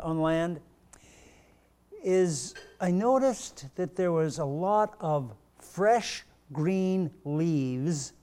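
A man preaching a sermon, telling a story and then pressing points home with slow, emphatic rhetorical questions. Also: a little high, a little mellow.

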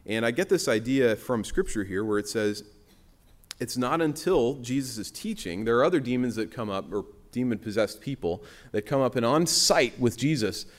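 A man's voice: mid-range voice, expressive, moderate pace. A man preaching a sermon in a church, in a conversational way with frequent restarts. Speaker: pastor.

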